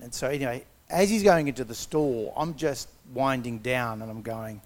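A man's voice: mid-range voice, moderate pace, hardly any pauses. A man giving a personal testimony, retelling events conversationally and acting out the quotes.

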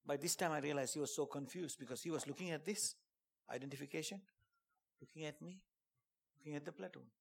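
A man preaching a sermon and telling a dramatic testimony, dropping to a hush and then rising to shouts. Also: fairly high pitch, fast, gravelly, husky. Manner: dramatic storytelling, swings from hushed to shouting; preaching with emphatic call-outs.

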